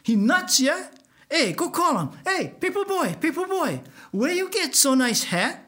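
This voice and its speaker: A man voicing a pack of teasing teenage troublemakers in a high, mocking Hawaiian Pidgin voice. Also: sing-song, measured pace, bright, forceful tone, heavily acted.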